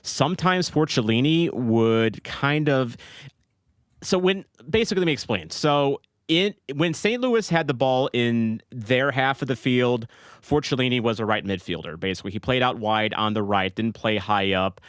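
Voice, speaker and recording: A man's voice: mid-range voice, moderate pace, no room sound, clean studio sound. A man co-hosting a casual sports podcast, recapping a match play by play with lots of fillers. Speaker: podcast co-host.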